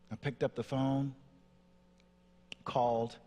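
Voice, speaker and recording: A man's voice: medium pitch, normal speed. A man from Nashville, Tennessee, telling a personal story on stage as a motivational speaker, acting out the voices in it. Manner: dramatic storyteller, acts out voices. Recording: long hall reverb.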